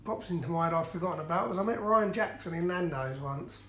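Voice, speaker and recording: A high-voiced man co-hosts a casual podcast. He tells rambling anecdotes and laughs often as he goes. His voice carries a roomy echo. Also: expressive, fast, bright, forceful tone, slight background noise. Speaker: podcast co-host. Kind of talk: casual chat.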